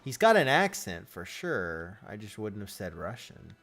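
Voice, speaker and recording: Animated, unhurried man streaming live. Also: fairly low pitch. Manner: animated and reactive, chatty with viewers. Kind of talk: casual live-stream chat.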